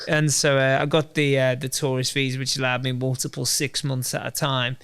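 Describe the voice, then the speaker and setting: A man's voice: mid-range voice, level tone, a little fast, a bit bright, clear, resonant tone. A man, a guest telling his story in a chatty, rambling way with self-deprecating humor. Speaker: guest, endurance runner. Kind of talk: casual interview chat.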